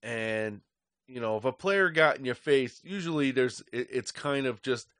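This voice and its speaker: A man's voice: mid-range voice, moderate pace, a bit bright, no room sound, clean studio sound. Angry profane man ranting on a podcast. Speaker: podcast host. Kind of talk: solo podcast rant.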